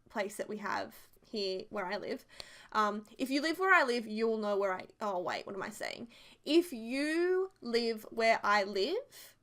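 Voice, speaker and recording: A slightly high, somewhat bright voice belongs to an Australian woman in her twenties. As a YouTuber doing a casual voiceover chat, she tells loose, chatty stories and giggles often.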